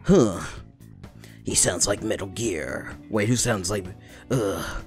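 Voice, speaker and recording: A man's voice: lowish voice, a little slow, faint music behind. A young man giving casual, joking commentary while playing a video game, laughing often and swearing freely. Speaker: let's play gamer.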